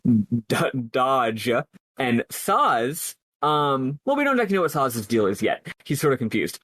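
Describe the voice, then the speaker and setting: A man's voice: medium pitch, very animated, unhurried, fairly bright tone, no room sound, clean studio sound. A man co-hosting a podcast, talking earnestly and at length about a game, thinking aloud with many restarts. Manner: earnest, analytical, rambling with restarts. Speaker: podcast co-host. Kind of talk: casual game discussion.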